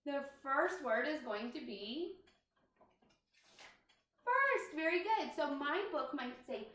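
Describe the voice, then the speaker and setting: A woman's voice: sits high, very animated, slow, a bit bright. A woman kindergarten teacher giving a recorded writing lesson to young children, speaking in a sing-song voice with exaggerated inflection. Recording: very echoey room, distant mic.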